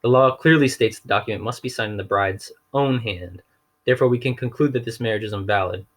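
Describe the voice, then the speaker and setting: Man voicing a kindly woman judge, storybook reading, measured and careful, low voice. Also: natural voice.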